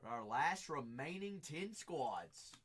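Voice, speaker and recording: A slightly high, sing-song male voice takes its time, fairly bright in tone, with a little hiss or hum in the audio. He's an American hosting a live card break, cheerfully hyping remaining slots, repeating phrases, and chatting with viewers.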